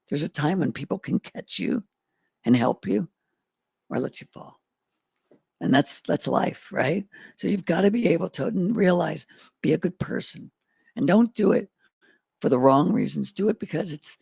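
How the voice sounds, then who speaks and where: A man's voice: fairly high pitch, creaky, darkish tone, slightly rough, dry recording. A middle-aged man telling life stories in an interview, earnest and folksy, acting out past conversations. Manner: earnest, folksy, retells exchanges in quotes. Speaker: guest entrepreneur. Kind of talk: candid storytelling interview.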